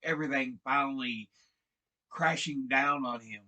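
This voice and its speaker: A man casually retelling a TV episode, halting and repeating words as he restarts his sentences. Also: medium pitch, pushed and bright. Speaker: show recap vlogger.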